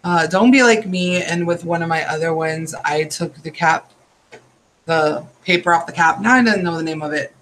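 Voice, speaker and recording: A man's voice: on the high side, moderate pace, fairly bright tone, low-quality recording. A tired man hosting a nail art tutorial, chatting casually and drifting into rambling asides while he works.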